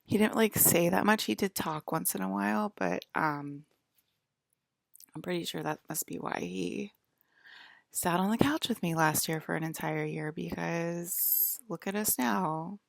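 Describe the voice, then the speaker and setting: A woman talks in a loose, rambling monologue, filling her sentences with "like". Her voice sits low and carries a gravelly fry. The sound is dry and close, with no room around it. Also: measured pace, no echo. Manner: rambling, heavy use of "like". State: close to tears.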